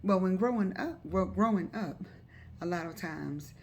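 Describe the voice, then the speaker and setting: A woman's voice: fairly low pitch, lively intonation, a little slow, a little hiss or hum. A woman hosting a live stream, talking to viewers in a loose, chatty way and often repeating herself. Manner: chatty, loose, repeats words and uses fillers. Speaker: host of a live talk stream. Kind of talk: casual advice talk to viewers.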